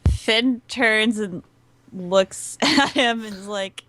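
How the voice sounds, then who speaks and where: A woman's voice: medium pitch, slow, a bit bright, no echo. A woman playing in a tabletop role-playing game, easygoing and often laughing. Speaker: player. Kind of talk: casual tabletop game play.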